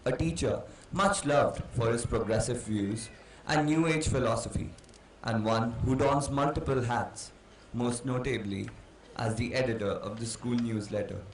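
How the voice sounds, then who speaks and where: A man's voice: medium pitch, a little slow. A man acting as emcee, making a formal, ceremonious stage announcement. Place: large hall. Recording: echoey hall with faint background noise.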